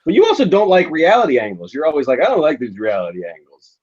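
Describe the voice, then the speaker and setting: Lively, measured man on a lo-fi line. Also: on the high side, slightly rough. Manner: thoughtful, measured, hedging. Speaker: podcast co-host. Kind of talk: casual chat.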